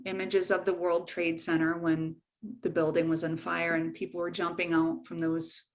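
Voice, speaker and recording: A woman's voice: on the low side, completely flat delivery, moderate pace. A middle-aged woman counselor giving a frank, informal webinar talk to teens, repeating key points for emphasis. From United States.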